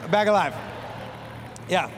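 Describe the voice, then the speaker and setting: A male pastor preaching a sermon with animated storytelling, speaking directly to his congregation in a church hall. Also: high-pitched, slow pace, a little hiss or hum. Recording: long reverb in a hall.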